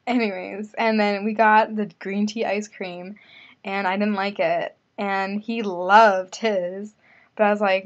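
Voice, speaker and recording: A woman's voice: medium pitch, steady tone, a little slow, muffled recording. A young woman telling a casual vlog story, chatty and full of "like" fillers. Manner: chatty, filler-heavy with lots of "like". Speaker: vlogger.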